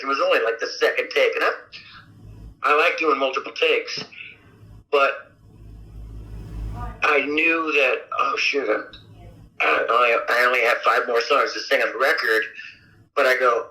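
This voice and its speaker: A man being interviewed as a rock singer, telling stories in a casual, animated way and acting out quotes with big jumps in pitch. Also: measured pace, pauses often, low-quality recording. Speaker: rock vocalist guest. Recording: radio interview audio.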